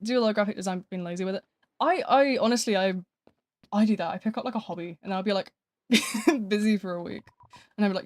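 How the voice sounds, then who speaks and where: Woman streamer, middle-pitched voice, chatty, rambling, laughs often. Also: fast talker, pauses often, a little mellow, no echo. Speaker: live streamer. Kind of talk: casual live-stream chat.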